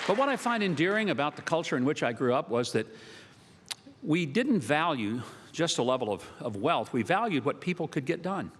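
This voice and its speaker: A man's voice: fairly high pitch, big pitch swings, fairly quick, a faint crowd, slight background noise. An older man with a Southern American accent giving a humorous, folksy speech to university students, with punchy comic timing. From Southern United States. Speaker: speaker addressing university students. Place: large auditorium. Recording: long reverb of a large hall.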